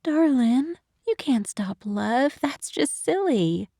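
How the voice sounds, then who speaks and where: A woman's voice: high voice, animated, slow, creaky, warm tone, no room sound, pitched above the performer's own voice, exaggerated voice. Audiobook: doting older matchmaker, voiced by a woman, coaxing and affectionate; dry close sound. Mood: consoling. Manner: coaxing, affectionate, calls everyone darling. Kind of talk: audiobook narration.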